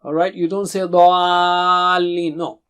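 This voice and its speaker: A man gives a Tajweed lesson, speaking in a fairly high voice. He stretches each syllable and says it with emphasis, then has the listener repeat after him. His explanations in between come at an even, instructive pace. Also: moderate pace. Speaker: Quran recitation teacher.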